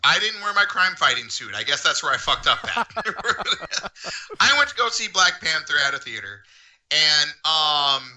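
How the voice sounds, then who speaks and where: A man co-hosting a podcast, telling a story with excitement and acting out quoted speech. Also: a little high, measured pace. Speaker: podcast co-host. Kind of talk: animated storytelling.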